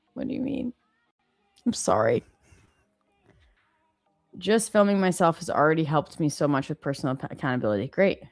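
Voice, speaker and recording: A woman's voice: sits low, darkish tone, dry recording, clean studio sound. A woman hosting a live trading stream, chatting casually, reading viewer comments and laughing often. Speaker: livestream host.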